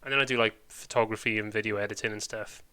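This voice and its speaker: A man's voice: lowish voice, fairly even intonation, fast, bright, forceful tone, clean tone. Chatty Welsh man streaming. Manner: chatty, rambling, British slang. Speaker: live streamer. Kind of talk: casual live-stream chat.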